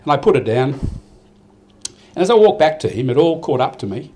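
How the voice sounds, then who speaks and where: A man's voice: fairly high pitch, very animated, a little fast, darkish tone. Older man, Australian accent, live awards speech, rambling, heartfelt, faint background noise. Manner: rambling, heartfelt storytelling with many restarts. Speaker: event organiser giving a speech. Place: event hall.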